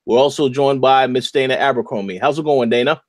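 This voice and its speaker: Man host, mid-pitched, upbeat intros with stumbles, dry close sound. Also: brisk, no room sound. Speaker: podcast host. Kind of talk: casual podcast chat.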